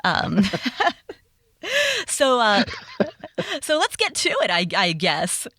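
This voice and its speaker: A woman hosts a casual podcast with a lively, bouncing voice. She is playful and laughs easily, and her mic sounds close and dry. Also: fairly high pitch, drawn-out words, no echo. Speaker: podcast host.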